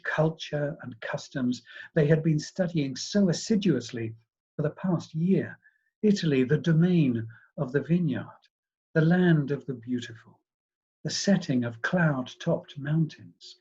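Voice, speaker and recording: Husky male professor reading a story. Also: fairly high pitch, dark tone, dull audio.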